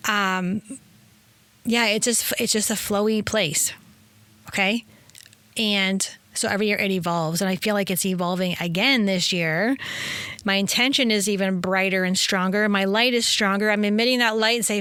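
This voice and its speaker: An energetic woman hosting a spiritual podcast, talking in a rambling, effusive monologue. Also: medium pitch, moderate pace, clear, resonant tone, no echo. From Italian heritage. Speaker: spiritual teacher and podcast host. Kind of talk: casual inspirational monologue.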